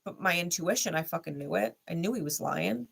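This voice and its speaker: A woman's voice: fairly low pitch, expressive, a little fast, creaky, slight background noise. A woman speaking bluntly in a candid vlog monologue, swearing often and repeating short heated lines straight to the listener. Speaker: tarot reader and channel host.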